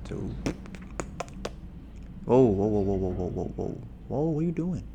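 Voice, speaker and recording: This muffled recording captures a young man's casual podcast chat at home amid a storm, recorded on a podcast mic with headphones. His low voice has lively intonation and a slightly slow pace as he meanders across topics and jokes about sounding smooth, with faint hiss audible.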